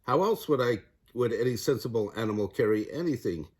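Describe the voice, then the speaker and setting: A brisk, impatient mother monkey in a storybook, dismissive and quick, voiced by a grandfather. Her voice carries a husky edge. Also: medium pitch, lively intonation.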